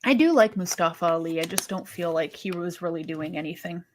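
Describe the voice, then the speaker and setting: Her voice is fairly low and brisk, with slight background noise in the recording. She co-hosts a wrestling live stream, talking casually and reasoning aloud, with sighs and restarts as viewer comments come in.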